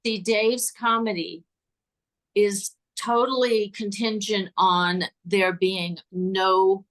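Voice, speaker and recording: An older woman, a former cue card writer, is the guest in a casual interview, telling chatty stories, laughing often and repeating words. Her medium-pitched voice is steady and fairly bright, and she takes her time.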